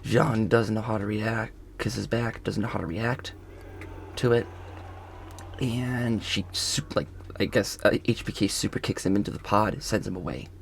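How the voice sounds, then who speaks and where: A man's voice: fairly low pitch, fairly even intonation, unhurried, gravelly, a little hiss or hum. A man casually recapping a show episode outdoors, rambling and correcting himself as he goes. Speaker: video reviewer. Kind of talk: casual spoken review. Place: outdoors on a golf course.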